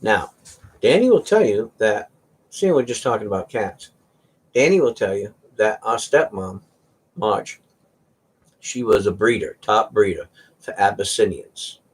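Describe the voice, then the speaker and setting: A man's voice: on the low side, lively intonation, unhurried, pauses often, husky. A man hosting a casual chat, rambling through stories about his cats and sometimes mimicking their meows. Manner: rambling storyteller, imitates cats meowing. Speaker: host.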